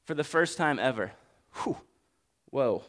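A man preaching a sermon in an animated, humorous, conversational way. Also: mid-range voice, measured pace. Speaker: pastor.

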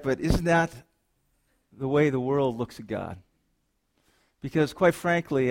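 A man preaching a sermon as pastor, reading scripture and then riffing on it with playful asides and rhetorical questions to the congregation. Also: medium pitch.

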